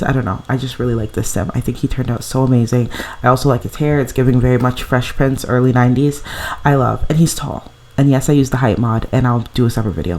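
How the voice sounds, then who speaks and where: A woman's voice: low voice, darkish tone. A woman giving casual, gushing commentary over a life-sim game she plays at home, chatting and laughing often. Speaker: let's play creator.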